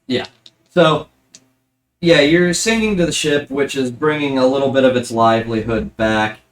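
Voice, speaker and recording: Man, game master, easygoing narration, lots of ums, mid pitch. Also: normal speed. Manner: relaxed, rambling narration with fillers.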